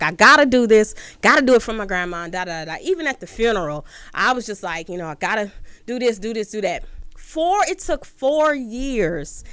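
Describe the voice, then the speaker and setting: A woman host recounts a personal story in relaxed conversation, animating it with quoted voices. Her voice is smooth and resonant. The recording is dry and close. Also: mid-range voice, no room sound. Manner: animated retelling with acted-out quotes. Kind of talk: personal storytelling in casual chat.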